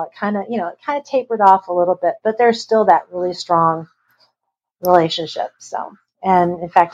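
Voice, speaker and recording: A woman's voice: lowish voice, husky. A middle-aged woman, an interview guest, tells a personal story in a rambling way and acts out the voices of the people she quotes. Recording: dull lo-fi recording.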